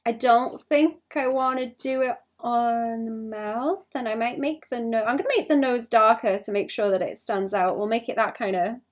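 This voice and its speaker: A young woman streaming her illustration work, chatting casually and thinking out loud with a self-conscious, rambling manner and some vocal fry. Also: fairly high pitch, fairly even intonation, normal speed, few pauses. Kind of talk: casual livestream chat while drawing.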